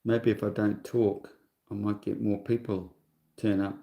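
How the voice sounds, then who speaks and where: A man's voice: fairly low pitch, little pitch movement, a little slow, gravelly, echoey room, lo-fi sound. A man in his sixties hosting a livestream in a rambling, casual monologue, scornful and full of chatty asides. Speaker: livestream host.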